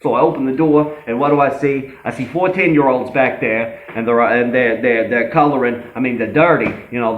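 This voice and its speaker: A man's voice: mid-range voice, highs cut off, voice pushed up, close to an everyday voice. A man voicing a brash, boastful young tough guy who rambles, swears and brags in a comedy sketch. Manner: cocky, rambling, swearing, self-aggrandizing.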